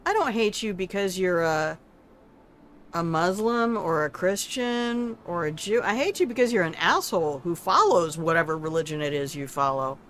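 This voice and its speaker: A woman's voice: fairly low pitch, expressive, moderate pace, fairly bright tone, a little hiss or hum. Older woman streamer, salty and teasing. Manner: salty, swearing, teasing banter with chat. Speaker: gaming streamer. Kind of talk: casual gameplay commentary.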